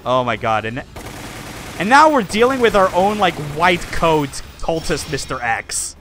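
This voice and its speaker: A young man streaming a video game, commenting loudly, swearing and laughing at what happens on screen. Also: a little high, big pitch swings, a little slow, faint music behind. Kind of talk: live gameplay commentary.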